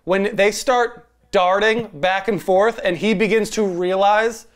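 A man co-hosting a casual movie review podcast, wry and quick to laugh while making his points. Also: high voice, steady tone. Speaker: podcast co-host.

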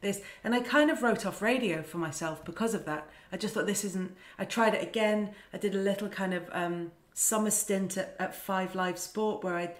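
A woman's voice: mid-range voice, normal speed, few pauses. A woman from the UK, a sports presenter, speaking as a podcast guest in a thoughtful, self-deprecating way. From United Kingdom. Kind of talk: casual interview chat. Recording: roomy echo.

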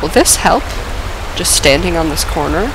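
A woman commenting on her gameplay, her voice lowered and rough from being sick with a dry cough; excitable, swearing and laughing at herself. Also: normal speed, background noise. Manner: excitable, swears and laughs often, self-mocking. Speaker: let's play gamer.

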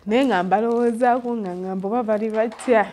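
A woman's voice: fairly high pitch, steady tone, a little fast, a little mellow, slight background noise. A young Ugandan woman vlogging at a village school, tearful and laughing as she switches between English and Luganda. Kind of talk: casual vlog. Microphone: handheld phone.

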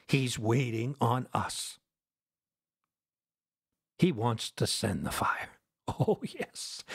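A man preaching a fervent sermon, firing rhetorical questions at his listeners and swinging between loud declarations and hushed lines. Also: mid-range voice, vocal fry, breathy edge. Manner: asks the audience rhetorical questions.

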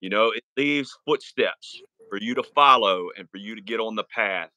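A man's voice: fairly low pitch, normal speed, pushed and bright, dry recording. A man, co-hosting a casual podcast in a laid-back, earnest way. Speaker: podcast co-host. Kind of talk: casual chat.

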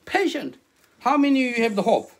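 Animated husky male preacher, high voice. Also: moderate pace. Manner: animated, questions the listeners, broken English. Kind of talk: interactive sermon.

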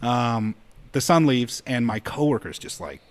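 A man from Colorado, a podcast co-host, telling a story in an animated, chatty way with many fillers. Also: medium pitch, measured pace. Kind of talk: casual storytelling.

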